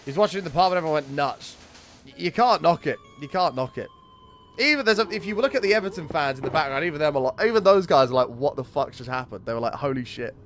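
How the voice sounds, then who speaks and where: A young man chatting casually with viewers while streaming a game, excitable and swearing freely. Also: fairly high pitch, fast, soft background music. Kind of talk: casual live-stream chat.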